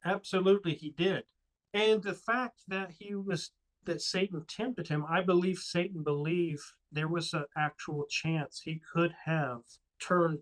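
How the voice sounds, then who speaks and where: A man's voice: fairly high pitch, rough recording. A man co-hosting a casual podcast discussion, speaking earnestly and with emphasis. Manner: earnest, emphatic about faith. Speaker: co-host.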